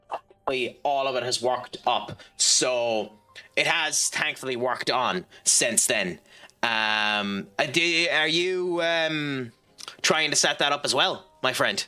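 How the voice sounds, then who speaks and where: Very bright-voiced Irish man streaming. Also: medium pitch, moderate pace. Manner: rambling, lots of ums and restarts. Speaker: game streamer. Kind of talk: casual gameplay commentary and chat reading.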